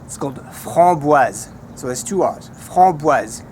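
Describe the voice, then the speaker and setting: A man's voice: on the high side, slow pace, a little hiss or hum. Chatty man teaching outdoors. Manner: relaxed, chatty, easily enthused. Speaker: language teacher giving a garden tour. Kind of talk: casual outdoor teaching of French words. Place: home vegetable garden outdoors.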